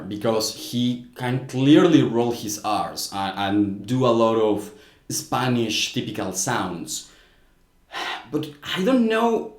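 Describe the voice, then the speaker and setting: A man giving casual video commentary on clips, thinking aloud in a frank, critical way. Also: mid-range voice. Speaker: language commentator. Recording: roomy echo.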